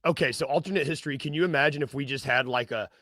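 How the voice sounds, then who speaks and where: A man's voice: mid-range voice, bright, forceful tone, no room sound, clean studio sound. A man from Tennessee with a Southern American accent, hosting a casual podcast chat in a jokey, rambling way. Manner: jokey, rambling, quick to laugh. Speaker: podcast host.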